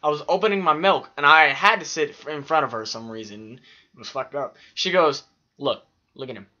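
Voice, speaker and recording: A man's voice: fairly high pitch, brisk, bright, forceful tone, dull audio. A man telling profane, rambling stories from childhood in a casual vlog. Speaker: vlogger. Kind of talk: casual storytelling.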